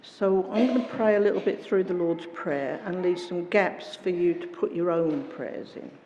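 A woman leading prayers in a church service, calmly explaining a way to pray. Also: fairly low pitch, moderate pace. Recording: dull, echoey church recording with faint noise.

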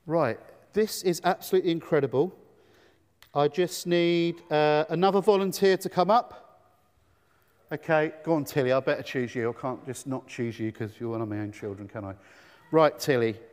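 Brief: enthusiastic male children's talk leader, bright high voice, big reverberant church hall. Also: moderate pace. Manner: enthusiastic, asks the children many questions.

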